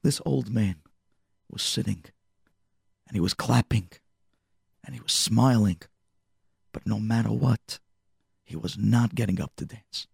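A man telling an animated, expressive story on a radio show. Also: fairly low pitch, unhurried, creaky, pauses often, breathy edge, dry recording, studio quality.

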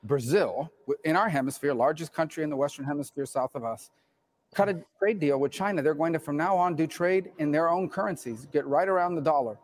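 Casting a male commentator, slightly high, fast and emphatic. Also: slight background noise. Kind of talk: political commentary clip.

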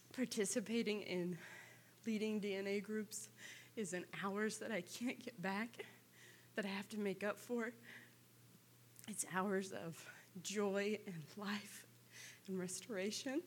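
A tearful woman shares a testimony in church, her voice soft and halting, pausing often. Her pitch sits in an ordinary middle range. A faint hum of noise lies under her words. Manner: halting, soft, with many pauses and fillers. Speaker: church member giving testimony. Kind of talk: personal testimony.

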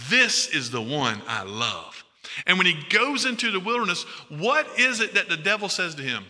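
A man preaching a sermon, animated and often asking the congregation questions. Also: high voice, moderate pace, long reverb tail.

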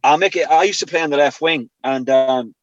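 An Irish man spins stories from his playing days in a casual chat, voicing the people he quotes. His voice sits a little high and sounds very dry. The recording is dull and a bit lo-fi. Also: brisk, no room sound. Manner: animated storyteller, quotes others in their voices. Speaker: former footballer guest.

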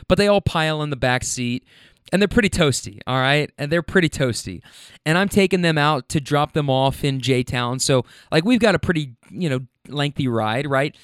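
Smooth-voiced young man rambling, profane podcast storyteller. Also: medium pitch, no room sound, clean studio sound. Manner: rambling, profane, keeps checking in with listeners. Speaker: podcast host. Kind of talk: casual storytelling.

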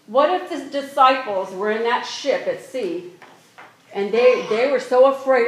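A woman preaching a sermon, reading scripture aloud slowly and exhorting her congregation earnestly. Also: a little high, lively intonation. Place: church. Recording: echoey room with faint noise.

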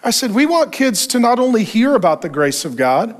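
A man's voice: extremely high pitch, a little fast. A man preaching a sermon, telling stories with energy and acting out what people said. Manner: animated storytelling, acting out quoted voices. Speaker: pastor.

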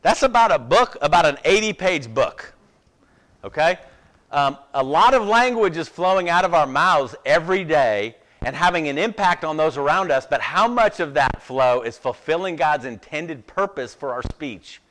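Youngish guy giving a chatty sermon, kinda high bright voice, keeps checking in with the crowd. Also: expressive, normal speed. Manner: conversational, self-deprecating, frequent "okay?". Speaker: pastor.

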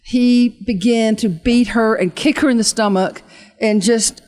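Woman preacher telling a testimony, earnest and halting, lots of restarts, slows way down for emphasis. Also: fairly high pitch, a little mellow. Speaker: ministry leader and guest. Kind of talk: emotional testimony and altar call.

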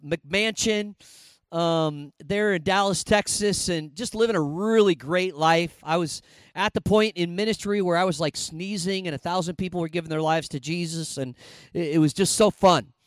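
A middle-aged man from Indiana, a pastor telling a personal story in a sermon, animated and conversational with frequent fillers. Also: sits high, moderate pace, dry recording.

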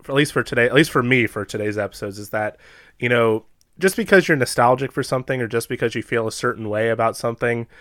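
A man co-hosting a podcast about movies, talking in a rambling, casual way and laughing loudly at jokes. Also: mid-range voice, dry recording, studio quality. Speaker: podcast co-host. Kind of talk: casual chat.

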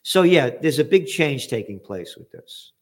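A man's voice: on the high side, sing-song, unhurried. An older man giving blunt, sarcastic news commentary, reading out headlines and adding profane asides. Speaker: trends forecaster hosting a news commentary show.

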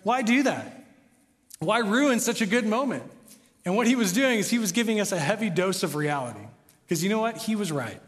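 A man preaching a conversational sermon in a church, swinging between loud emphasis and soft, quiet lines. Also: on the high side. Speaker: pastor. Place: large church sanctuary. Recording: reverberant hall.

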